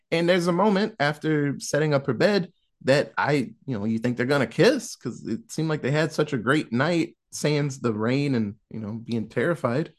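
A man casually retelling a film's plot, acting out the characters' lines as he goes. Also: fairly high pitch. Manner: animated storyteller who acts out quotes. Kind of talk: casual film recap storytelling.

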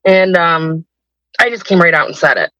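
Woman guest telling her story on a podcast, kinda halting and rambly, keeps restarting, dry close sound. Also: fairly low pitch, animated, a bit bright, dry recording, poor audio. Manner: hesitant and rambling, with many restarts. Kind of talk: personal story in a podcast interview.

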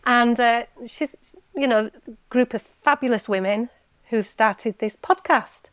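A woman guest on a podcast, telling a personal story in a heartfelt, halting way, often repeating words. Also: on the high side, clear, resonant tone, no echo. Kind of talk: emotional personal story in casual chat.

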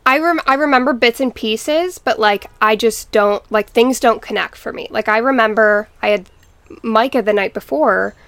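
A young woman guest telling a painful personal story in a podcast interview, halting and restarting as she recalls what happened. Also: fairly high pitch, a bit bright, no echo. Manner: halting, restarts, quotes family members.

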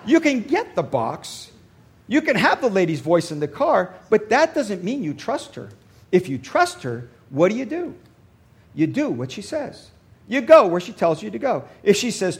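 A male pastor preaching a sermon, telling a story and dropping to a soft voice for emphasis. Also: sits high, sing-song, moderate pace. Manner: storytelling, varies loudness for emphasis.

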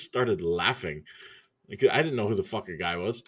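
Chill low-ish voiced dude telling a bar story, swears a lot, laughs easy. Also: male voice, moderate pace, a bit bright, slightly rough. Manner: laid-back, laughing, profane. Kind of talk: casual storytelling.

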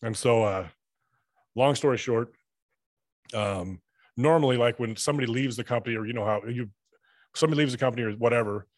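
Man, podcast guest: rapid, profanity-laced storyteller, dry close sound. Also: mid-range voice, dry recording. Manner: profane, rambling anecdotes with acted-out dialogue. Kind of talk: casual storytelling chat.

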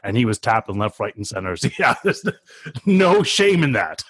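A man's voice: lowish voice, very animated, moderate pace, a bit bright, husky, no room sound. A man hosting a casual chat, easygoing, laughing along and asking questions.

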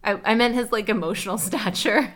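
A young woman co-hosting a podcast tells a story in a chatty, casual way, saying "like" a lot and acting out quotes. Her mid-range voice is fairly bright, and she talks fairly quickly.

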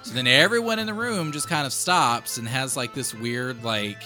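Guy on a podcast retelling a book plot, bright voice, little music in the back. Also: mid-range voice, normal speed. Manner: retells with quoted voices and asides. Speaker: podcast host recapping a book. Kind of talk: casual chat.

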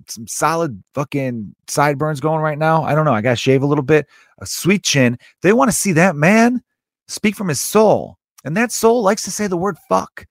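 A young man hosting a comedy podcast, talking in a profane, rambling monologue with jumpy pitch. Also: no echo, clean studio sound.

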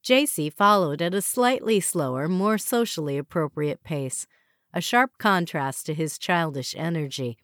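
A woman narrating an audiobook in a measured, even way. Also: deep voice, dry recording, studio quality. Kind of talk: scripted narration.

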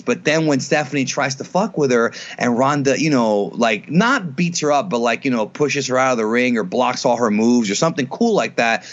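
A man co-hosting a casual wrestling podcast, animatedly pitching booking ideas with many restarts. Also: expressive, brisk, hardly any pauses, lo-fi sound. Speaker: podcast co-host.

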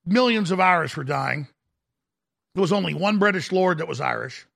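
A middle-aged man hosting a talk show, delivering an aggressive, shouting rant in a raspy voice. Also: high voice, expressive, moderate pace. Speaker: radio talk show host. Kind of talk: ranting talk-show monologue.

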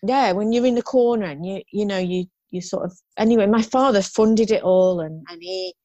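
A woman's voice: medium pitch, normal speed, mellow, no room sound, highs cut off. A woman in her fifties, a guest in an interview, telling her story frankly and ramblingly, with restarts and rueful laughs.

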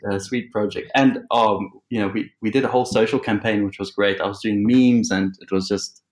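A man's voice: fairly low pitch, a little fast. A man guest, an art director, telling stories in a casual interview, laughing often and swearing freely. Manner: laughing, swearing, animated storyteller. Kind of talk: casual podcast interview chat.

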